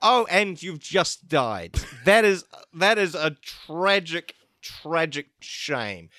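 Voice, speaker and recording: A man's voice: on the high side, big pitch swings, slow, pushed and bright, no room sound. A young man with a New Zealand accent improvising a comedy sketch as a mock news reporter.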